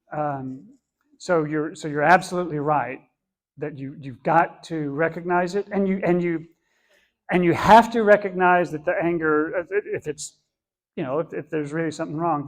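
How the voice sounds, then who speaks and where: A man teaching an adult church class in a conversational way, earnestly repeating and rephrasing as he explains. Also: a little high.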